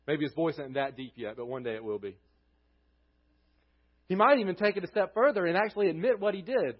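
Pastor, male, high voice, earnest sermon delivery, trailing off low at line ends, muffled lo-fi sound. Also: expressive, fast. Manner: earnest preaching, voice dropping low at phrase ends.

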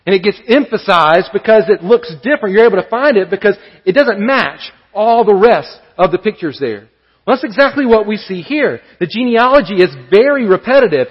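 Man, pastor, earnest sermon, fairly high voice, reverberant sanctuary. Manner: earnest preaching with repetition and rising emphasis. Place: church sanctuary. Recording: dull sound with long hall reverb.

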